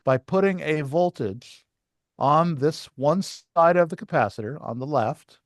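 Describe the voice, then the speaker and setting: A man's voice: on the high side, expressive, measured pace, dry recording, studio quality. A man teaching a licensing class, explaining step by step at a whiteboard and asking the students questions.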